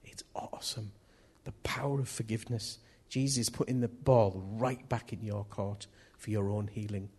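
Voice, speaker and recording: Husky-voiced man preaching. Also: lowish voice, fairly even intonation, moderate pace, few pauses, a little mellow. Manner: earnest, repeats key phrases. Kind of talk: sermon.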